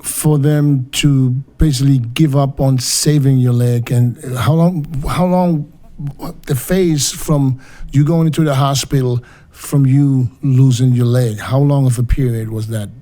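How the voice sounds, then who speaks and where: A man's voice: medium pitch, steady tone, measured pace, dark tone. A man hosting a podcast, asking short, probing questions in casual talk. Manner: short prompting questions and backchannels. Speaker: podcast host. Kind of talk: casual interview.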